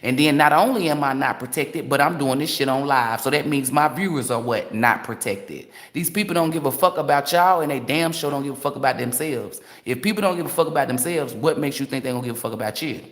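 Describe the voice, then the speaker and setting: A woman's voice: a bass voice, fast, few pauses. A woman tarot reader delivering a blunt, profane, emphatic rant on a livestream.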